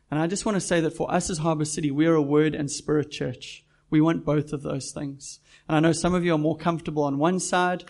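A man's voice: a little high, vocal fry, darkish tone. A pastor preaching a sermon to his church, earnest and direct, putting questions to the congregation.

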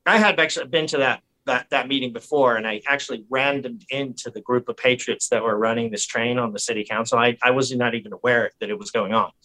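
A man's voice: mid-range voice, quick pace, few pauses. Guy chatting on a podcast, rambly and worked up, swears a lot, acts out other people. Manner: rambling, animated storyteller who swears and mimics people. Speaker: podcast guest. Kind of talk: casual chat. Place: lives in San Diego.

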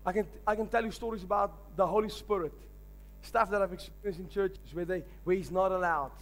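A man's voice: high-pitched, steady tone, brisk. A man preaching a sermon, telling stories with emphatic delivery. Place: large church hall. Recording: long hall reverb with faint music.

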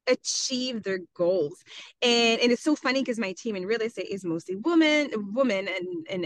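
A middle-aged woman talking frankly in a casual podcast chat, animated and full of "like" as she tells stories. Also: medium pitch, no echo. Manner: frank, animated storytelling with lots of "like". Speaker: podcast guest. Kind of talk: casual conversation.

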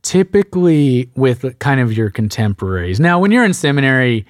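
A young man, a priest, telling a seminary story in casual chat, lively and laughing, acting out the voices he quotes. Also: medium pitch, moderate pace, dry recording, clean studio sound.

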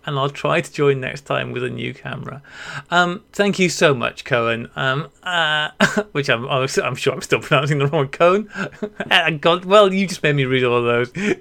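A man with a higher voice and a gravelly edge hosts a laid-back podcast, reading listener mail aloud. He laughs often and stumbles through unfamiliar words. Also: sharp tone. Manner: giggly, laughs through mispronunciations. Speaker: podcast host. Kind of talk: casual chat reading listener emails.

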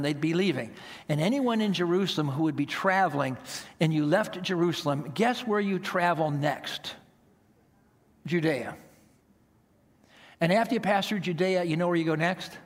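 A pastor delivers an animated sermon, pressing the congregation with rhetorical questions. His voice sits high for a man. It rings through a church sanctuary with a long, lingering reverb. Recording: long reverb of a large hall.

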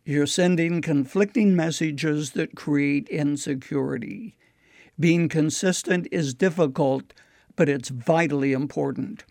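A man with a somewhat high, gravelly voice delivering a scripted inspirational radio talk. His tone is measured and earnest, like a teacher. The recording is close and dry. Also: a little mellow, no room sound. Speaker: radio devotional speaker.

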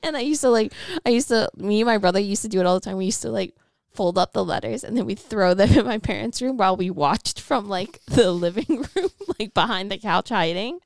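A woman's voice: medium pitch, expressive, a little fast, vocal fry, darkish tone, dry recording. Woman cohost, blunt, laughs a lot, dry close sound. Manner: laughs often, blunt, swears. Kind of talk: casual chat.

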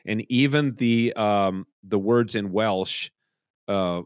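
Relaxed low-voiced male podcast host. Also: slow pace, no echo, studio quality. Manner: relaxed, rambling with restarts. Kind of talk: casual chat. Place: room at home.

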